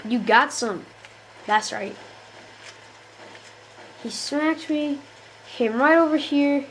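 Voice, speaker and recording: A woman's voice: high-pitched, takes it slowly, slight background noise, poor audio. A woman giving playful, trash-talking commentary over a shooter game, sounding tired. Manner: playful trash talk at enemies. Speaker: gameplay commentator. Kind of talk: gameplay commentary.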